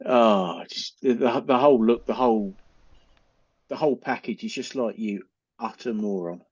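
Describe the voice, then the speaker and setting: A middle-aged man joins a group video call, spinning animated stories and poking fun at people. His voice sits at an ordinary pitch. The call audio is slightly muffled and lo-fi. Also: moderate pace, husky. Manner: ranting, mocking, animated storytelling. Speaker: panelist on an online chat show. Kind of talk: casual group banter.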